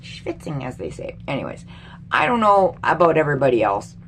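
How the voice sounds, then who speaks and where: A woman's voice: extremely low pitch, sing-song, fairly quick, a little hiss or hum. A middle-aged woman from Canada, a vlogger, ranting angrily about politics to camera with lots of swearing and exasperation. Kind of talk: angry political rant to camera.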